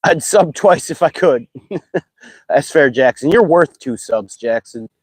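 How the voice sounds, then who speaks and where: Chatty male live streamer, fishing, excitable, fairly high and very animated pitch, dry close sound. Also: a little slow, slightly rough, no echo. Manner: excitable, chatty, whoops and squeals when thrilled. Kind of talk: casual live-stream chat while fishing.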